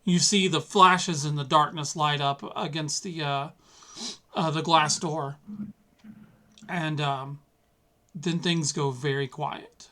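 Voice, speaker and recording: Man narrating a tabletop game. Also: fairly high pitch. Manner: relaxed, halting narration with many fillers. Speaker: game master.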